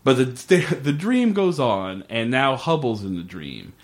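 A man's voice: mid-range voice, very animated, measured pace. A man in casual podcast chat, recapping a TV episode and animatedly quoting its characters, with lots of filler words.

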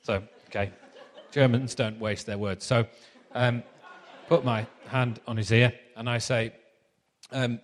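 A man's voice: medium pitch, steady tone, measured pace, pauses often. A man in his thirties preaching a sermon, chatty and self-deprecating with plenty of ums as he tells stories. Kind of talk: sermon with anecdotes. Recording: long hall reverb.

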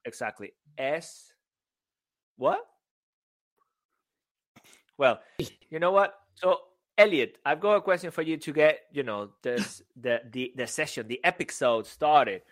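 A man co-hosting a podcast in casual banter, excitable and teasing, often laughing. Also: a little high, measured pace, long pauses. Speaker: podcast co-host.

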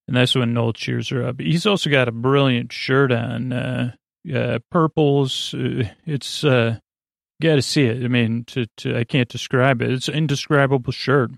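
A man hosting a sleep podcast who recaps at a slow, rambling pace, halting with many fillers and self-corrections. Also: mid-range voice, fairly even intonation, gravelly, no room sound, clean studio sound. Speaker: podcast host.

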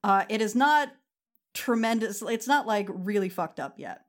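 A woman running a tabletop game as game master, relaxed and laughing, with many fillers. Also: mid-range voice, normal speed.

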